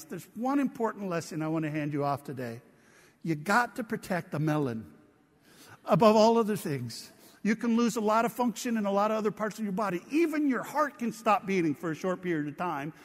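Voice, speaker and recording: A man preaching a sermon, telling funny stories with lots of animation and laughing at his own tales. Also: high-pitched. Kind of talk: humorous sermon storytelling. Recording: long reverb of a large hall.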